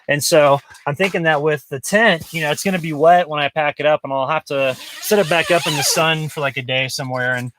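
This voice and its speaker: A man's voice: on the high side, a little fast, hardly any pauses, background noise. A man livestreaming from a snowy off-grid camp, talking casually and rambling with many fillers and restarts as he walks around. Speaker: vlogger livestreaming off-grid camping. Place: outdoors in snow and inside a large tent.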